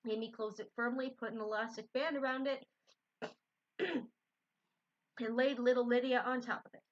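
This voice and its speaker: A woman reading a children's book aloud in a gentle, unpolished way, correcting her own slips. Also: a little high, fairly even intonation, measured pace. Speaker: storybook reader. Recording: dull lo-fi recording.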